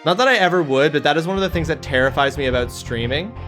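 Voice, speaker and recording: A man's voice: a little high, expressive, quick pace, a bit bright, soft background music. A man from Nova Scotia with a Canadian accent, chatting casually and jokingly while streaming a game. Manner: chatty, jokey, swears freely.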